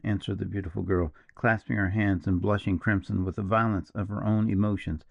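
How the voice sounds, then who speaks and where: Gravelly low-voiced male audiobook narrator. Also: fairly even intonation, fairly quick, hardly any pauses, no room sound, highs cut off. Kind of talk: scripted narration.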